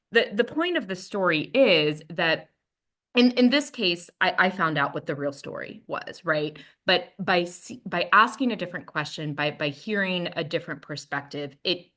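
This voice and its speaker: Woman trainer telling a story, chatty, kinda low voice. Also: a little slow, fairly bright tone. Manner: conversational, acts out what she said to her baby. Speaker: workshop presenter.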